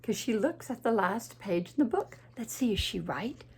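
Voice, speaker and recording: A woman teacher reading a picture book aloud to children, gently pointing things out and asking them questions. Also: fairly high pitch, lively intonation, normal speed, a little hiss or hum. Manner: gentle, questions and asides to young listeners.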